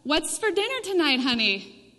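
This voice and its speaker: A woman voicing a middle-aged husband in a joke, pitching her voice up and calling out loudly. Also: very animated, moderate pace, full character voice. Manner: raised pitch, calls out loudly. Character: middle-aged husband worried about his wife. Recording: reverberant church hall.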